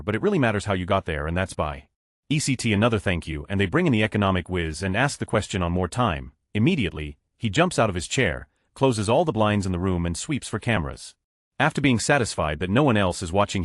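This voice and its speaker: A man's voice: lowish voice, no echo, clean studio sound. A man reading a string of short jokes aloud as a narrator, raising his voice to announce each story number.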